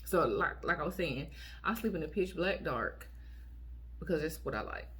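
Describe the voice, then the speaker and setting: A woman's voice: low-pitched, moderate pace, slight background noise. Blunt woman telling a dating story. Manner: blunt, animated, quotes herself in raised voice. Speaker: storytime vlogger. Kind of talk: casual storytelling to camera.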